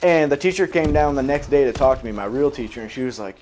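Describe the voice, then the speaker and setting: A man's voice: mid-range voice, lively intonation, fast talker, few pauses, noisy background. Rambling, profane young man telling a story. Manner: rambling, profane, self-correcting. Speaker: storyteller recounting a school memory. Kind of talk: casual storytelling vlog.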